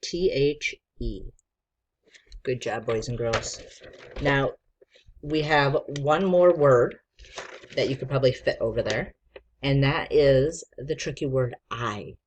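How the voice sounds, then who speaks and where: A woman's voice: a bass voice, measured pace, a little hiss or hum. A woman teacher giving a patient, encouraging spelling lesson to young children and sounding out letters.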